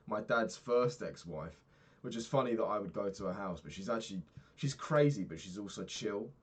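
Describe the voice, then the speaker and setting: Low-voiced young man rambling. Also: slightly rough. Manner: rambling, candid, swears freely. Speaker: vlogger. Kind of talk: casual diary vlog.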